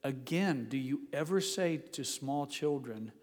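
An older man preaching a sermon as pastor, telling homely stories with gentle humor. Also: medium pitch, animated, unhurried. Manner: folksy storytelling with gentle humor. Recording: long reverb.

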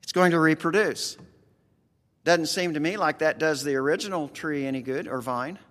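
A man's voice: on the high side, normal speed, fairly bright tone, long reverb tail. A man with a rural American accent preaching a conversational sermon, earnest and folksy, talking straight to his congregation.

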